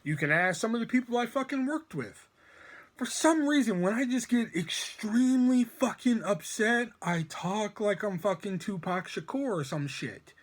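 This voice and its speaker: A man's voice: high voice, lively intonation, normal speed. A man telling a rambling, profanity-filled story about his old workplace in a casual vlog. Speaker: storytime vlogger.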